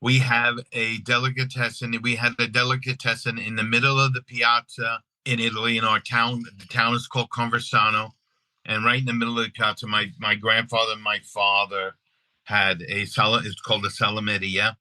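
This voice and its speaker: A middle-aged man from Long Island, telling family stories in a casual, animated way, often restarting his sentences. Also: medium pitch, a little fast, no room sound, rough recording. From Long Island, New York. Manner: animated, restarts often, acts out quoted voices. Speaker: guest. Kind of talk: casual storytelling.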